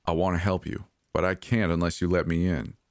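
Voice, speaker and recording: A man's voice: deep voice, moderate pace, darkish tone, dry recording, clean studio sound. A man voicing a desperate young man in a storybook horror reading, urgent and pleading.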